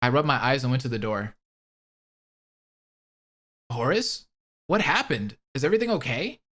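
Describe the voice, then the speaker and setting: Man reading as a tired older woman narrator; plain, lively pitch. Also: normal speed. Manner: plain first-person narration.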